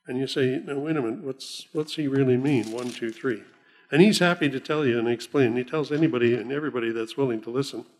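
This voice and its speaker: A man giving an informal Bible talk in a folksy, chuckling way, slowing down when he reads scripture aloud. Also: medium pitch, a little mellow, faint music behind. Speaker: lay preacher.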